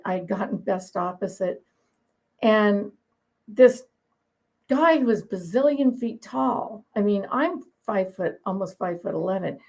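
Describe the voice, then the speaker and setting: Gravelly, husky-voiced woman breeder. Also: medium pitch, unhurried, a little mellow, low-quality recording. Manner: chatty, opinionated, laughs while telling anecdotes. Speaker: dog breeder guest. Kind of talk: conversational interview storytelling.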